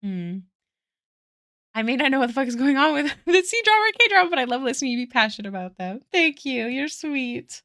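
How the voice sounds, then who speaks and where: A woman's voice: sits high, big pitch swings, fast, no echo, clean studio sound. Chatty, giggly woman streamer. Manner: chatty, giggly, thanks viewers warmly. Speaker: art streamer. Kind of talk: casual live-stream chat.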